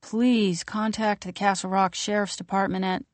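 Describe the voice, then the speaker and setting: A woman reading aloud, voicing a television news anchor who delivers a missing-person bulletin in a slow, measured way. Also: medium pitch, flat delivery, no echo, natural voice. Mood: formal.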